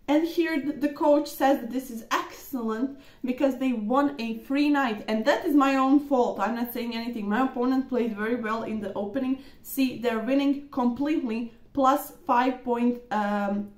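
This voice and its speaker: A young woman reviewing her own chess games in a chatty, excitable way, with lots of fillers. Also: fairly high pitch, moderate pace. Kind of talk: casual game review commentary. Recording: echoey room.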